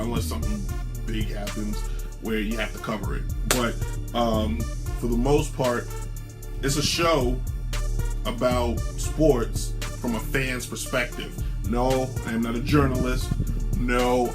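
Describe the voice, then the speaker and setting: Brash male sports show host. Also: medium pitch. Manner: brash, animated, sing-song rants. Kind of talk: opinionated sports commentary monologue. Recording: music bed underneath.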